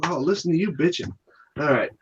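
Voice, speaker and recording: A man's voice: fairly high pitch, lively intonation, fairly quick, dull audio, slight background noise. A man hosting a casual online debunking game, teasing and refereeing his friends. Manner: teasing, laughing, bossy referee. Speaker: host running a debunking game. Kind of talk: casual profane group chat.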